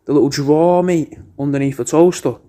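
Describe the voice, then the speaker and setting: A man's voice: a little high, a little fast, dark tone. A man hosting a podcast, delivering a rambling, sweary comedic roast and calling the listener "mate" constantly. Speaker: podcast host recording paid video messages.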